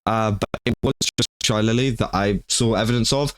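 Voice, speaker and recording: A man's voice: on the low side, moderate pace, no room sound. Laid-back man reacting to a clip. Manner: relaxed, filler-heavy, says "bro". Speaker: commentary YouTuber. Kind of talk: casual reaction commentary.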